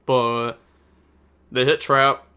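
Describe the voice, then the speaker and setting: A young man with a bright, forward voice narrates a card game match at speed. He grows exasperated and bursts out loudly at his opponent's misplays, then settles back into quick analysis. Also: mid-range voice, flat delivery, clean tone. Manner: fast, exasperated, bursts into loud outbursts. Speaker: host commentating a card game replay. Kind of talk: gameplay commentary.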